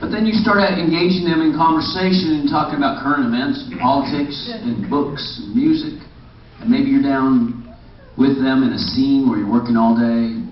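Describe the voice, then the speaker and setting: A man's voice: medium pitch, normal speed, crowd noise. A middle-aged man telling rambling stories on a convention panel, restarting his sentences often. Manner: rambling anecdotes with many restarts. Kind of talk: casual panel storytelling. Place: large convention hall. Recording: echoey hall, far, dull and muffled.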